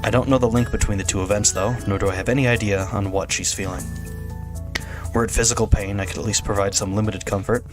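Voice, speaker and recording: A man streaming, reading a visual novel aloud in steady first-person narration, now and then restarting a phrase. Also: on the low side, fast, over music.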